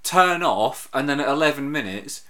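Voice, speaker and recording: A man's voice: a little high, lively intonation, moderate pace, sharp tone. A man co-hosting a podcast, chatting casually with playful mock insults. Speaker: podcast co-host. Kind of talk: casual chat.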